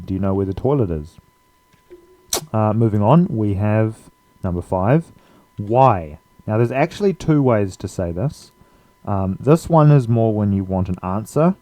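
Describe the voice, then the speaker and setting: A man giving a casual language lesson, relaxed and chatty, with many fillers. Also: deep voice, a little slow. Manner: relaxed, with frequent fillers and laughs. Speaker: language teacher.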